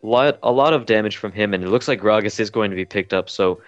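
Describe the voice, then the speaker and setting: A man with a fairly low voice calls a live esports match and keeps stumbling over his words and starting again. His audio sounds dull and muffled, but dry and close, with faint music underneath. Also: quick pace, dry recording. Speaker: esports caster.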